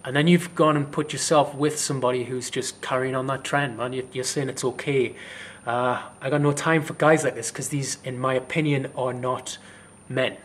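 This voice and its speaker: A man's voice: medium pitch, fairly even intonation, moderate pace, hardly any pauses, far from the mic, slight background noise. Indignant man in an echoey room. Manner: heated, indignant, blunt, swears. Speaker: fitness instructor. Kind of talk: direct-to-camera advice vlog.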